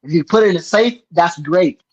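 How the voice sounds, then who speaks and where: A man's voice: high-pitched, a little fast, a little mellow, dull audio. A man on a casual podcast chat, handing out travel advice chattily and restarting his sentences often.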